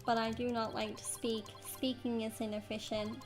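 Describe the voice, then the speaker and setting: A woman's voice: on the high side, moderate pace, lightly acted. A woman doing a clipped, robotic male bomb expert. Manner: clipped flat robotic phrasing. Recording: game music behind.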